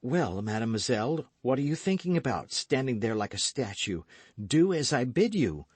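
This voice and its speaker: A man reading an audiobook voices a cold, scheming noblewoman who coaxes and commands, in a soft, measured way. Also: mid-range voice, big pitch swings, husky, no room sound, pitched above the performer's own voice. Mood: commanding.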